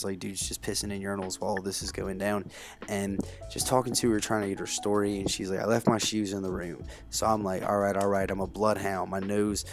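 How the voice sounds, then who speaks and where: A young man swearing freely as he tells a heated story and comments on a game. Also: lowish voice. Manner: profane, blunt and heated. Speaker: let's play host. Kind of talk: casual gameplay commentary and storytelling. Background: game music.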